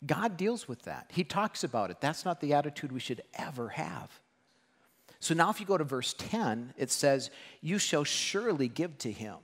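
A man preaching a sermon to a congregation, animated and joking, acting out quoted voices. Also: a little high, normal speed, long reverb tail. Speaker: pastor. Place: church hall.

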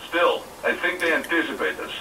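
An actor playing a calm male military commander giving a formal briefing over a game radio. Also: fairly high pitch, a little fast, echoey room. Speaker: radio support officer in a game. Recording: distant, noisy game audio.

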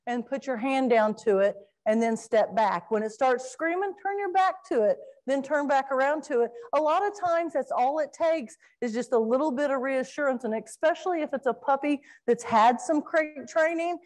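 A middle-aged woman giving an informal talk on training dogs, animated and acting out crying puppies and fussing owners. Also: on the high side. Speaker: dog training presenter.

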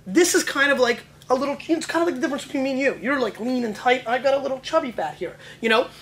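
A man hosting a wine tasting show, talking in excitable, joking, rapid bursts. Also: very high-pitched, rough recording. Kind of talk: casual wine tasting chat.

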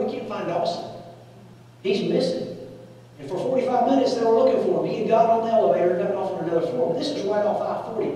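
A man's voice: sits high, dark tone. A man preaching a sermon, telling stories, repeating key phrases and asking the congregation "Amen?". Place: church sanctuary. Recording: echoey hall from far off.

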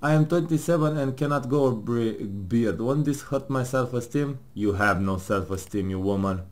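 A man speaks at a moderate pace in a medium-pitched voice with a darkish tone. As he plays a game with his partner, he reads out its questions and answers with mock seriousness, casually joking, laughing, and swearing.

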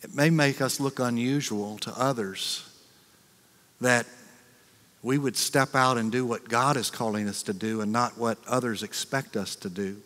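A man with an American accent, a pastor preaching a sermon in a conversational way, acting out quick reactions and repeating words. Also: mid-range voice, steady tone, fairly bright tone. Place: church sanctuary. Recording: long reverb of a large church.

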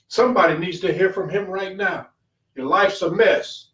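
Fervent preacher in an echoey room. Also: male voice, sits high, normal speed, a bit bright. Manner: fervent preaching with repetition and rising emphasis. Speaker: pastor. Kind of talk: sermon. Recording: echoey room, voice from far off the mic.

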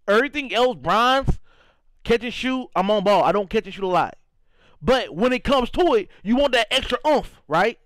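Young man from St. Louis, high voice, dry close sound, casual streamer talk, repeats himself. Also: animated, moderate pace, a bit bright, no room sound, low-quality recording. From St. Louis, Missouri. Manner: loose and repetitive, reacting to chat, frequent "you know what I'm saying". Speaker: gaming streamer. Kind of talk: casual live-stream commentary.

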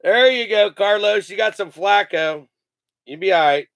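A man's voice: sits high, normal speed, creaky, a bit bright, no echo. A man hosting a live sports card break, joking, laughing and rattling off player names as he opens packs. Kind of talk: casual live card-opening chat.

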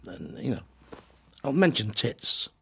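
Older man, from England, gravelly, mid pitch, blunt, chatty, interview. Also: big pitch swings, a little slow, fairly bright tone. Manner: blunt, chatty, repeats himself, acts out joke voices. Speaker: comedian interviewed. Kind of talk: interview talk, telling jokes.

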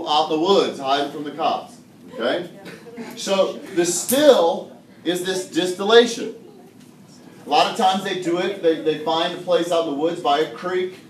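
A man's voice: fairly high pitch, normal speed, slight background noise. Male chemistry teacher, jokey lecturer, captured from far off in a roomy classroom. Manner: joking, animated explainer who laughs often. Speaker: high school chemistry teacher.

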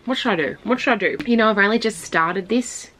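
A woman's voice: mid-range voice, fairly quick, fairly bright tone, slight background noise. A young woman chatting casually in her vlog, rambling, swearing and giggling. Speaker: vlogger.

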